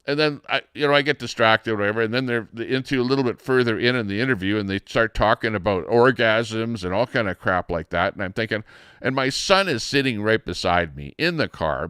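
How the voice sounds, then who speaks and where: A man's voice: on the low side, a bit bright, smooth, dry recording, clean studio sound. A middle-aged man ranting casually as a livestream host, rambling with many fillers and restarts in an indignant tone.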